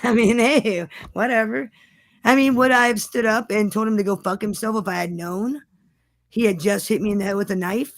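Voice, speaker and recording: A woman's voice: mid-range voice, steady tone, moderate pace, dry recording. A woman guest telling a story in a defiant, profane way, repeating herself for emphasis. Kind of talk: casual storytelling.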